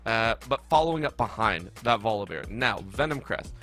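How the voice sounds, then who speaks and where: A man's voice: lowish voice, animated, pushed and bright, faint music behind. A man casting live esports play-by-play in an upbeat, chatty way. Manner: upbeat, chatty, quick to laugh. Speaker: play-by-play caster.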